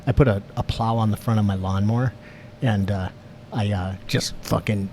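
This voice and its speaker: A man's voice: fairly low pitch, fairly even intonation, normal speed, a little mellow, a little hiss or hum. Guy on a podcast, casual chat, swears a lot, does little voices in his stories. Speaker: podcast host.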